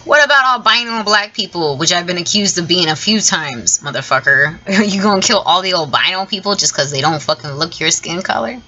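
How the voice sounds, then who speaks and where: Fairly quick and hardly pausing, a woman with a fairly low, pushed, bright voice rants her opinions to camera in a vlog. She's from the southern US, blunt and profane, laughing often between points, on a muffled recording.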